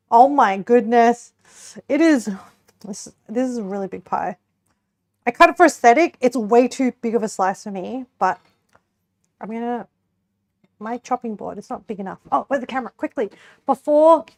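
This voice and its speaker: A woman's voice: on the high side, moderate pace, pauses often. A young woman streamer chatting casually to her viewers while cooking and tasting a pie, giggling now and then. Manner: chatty, giggly, talks to chat while eating.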